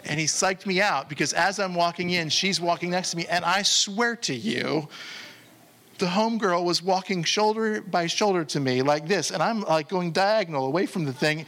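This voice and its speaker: A man preaching a sermon as pastor, telling a story with animated quoted voices and slowing to a hushed close. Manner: animated, acts out quoted voices with sudden high jumps; drops to slow, hushed delivery for the closing appeal.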